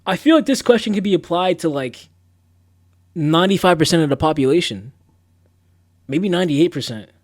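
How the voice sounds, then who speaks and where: A man's voice: fairly high pitch, lively intonation, normal speed, pauses often, no echo, studio quality. A young man on a live stream, chatting casually and rambling in a laid-back, slangy, self-mocking way as he reads quiz questions aloud.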